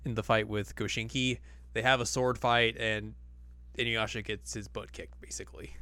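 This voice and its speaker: A man's voice: lowish voice, fairly even intonation, normal speed, pushed and bright, clear, resonant tone, no room sound. A man co-hosting a podcast, casually recapping an anime episode with lots of laughing and acted-out quotes. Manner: laughing, rambling, acts out quotes. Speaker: podcast co-host.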